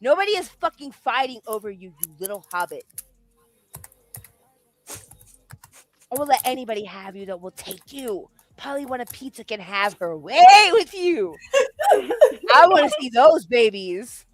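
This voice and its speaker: A woman hosting a late-night livestream chat, ranting loudly, cursing and laughing as she talks. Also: fairly high pitch, very animated, a little slow, pauses often, soft background music. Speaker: livestream host. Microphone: home streaming setup.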